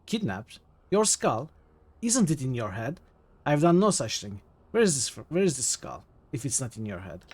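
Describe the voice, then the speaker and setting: A man's voice: medium pitch, sing-song, normal speed, a little mellow, slightly rough. Withered old sorcerer, male, haughty and grim, read aloud by a man streaming a game. A plain read, not a full character voice. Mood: mocking.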